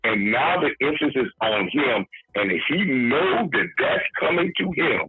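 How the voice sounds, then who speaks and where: A man's voice: mid-range voice, expressive, measured pace, dry recording. A man co-hosting a sports podcast, lecturing emphatically on football and repeating his points. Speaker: podcast co-host. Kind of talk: sports talk analysis. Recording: husky phone-like line, faint music.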